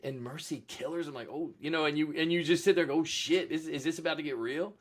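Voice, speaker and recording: A man's voice: on the high side, quick pace. A man co-hosting a casual comic-book podcast, rambling with restarts and acting out his reactions. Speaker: podcast co-host.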